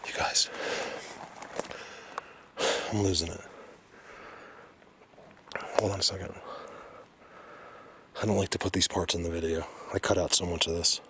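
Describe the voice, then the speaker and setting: A man narrating to camera as an outdoor explorer vlogger, hushed and excitable, often dropping to a whisper. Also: sits low, brisk, long pauses, slight background noise. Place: outdoors in woods.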